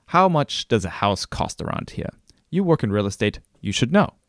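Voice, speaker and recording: A man's voice: medium pitch, very animated, normal speed, dry recording, clean studio sound, natural voice. A man doing a pushy impatient friend. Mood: insistent. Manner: pressing, blunt questions. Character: pushy impatient male friend, new in town.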